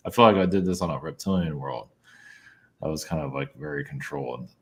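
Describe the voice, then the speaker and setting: A deep-voiced man, a channeler appearing as a guest, speaks in a soft, halting way during a casual interview. He uses many fillers and lets out little laughs.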